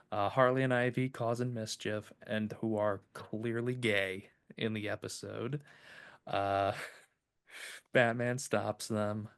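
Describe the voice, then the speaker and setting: A man's voice: fairly low pitch, clean tone. A man hosting a podcast in casual chat, rambling and filling with "like" and "uh". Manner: rambling, filler-heavy. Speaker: podcast host.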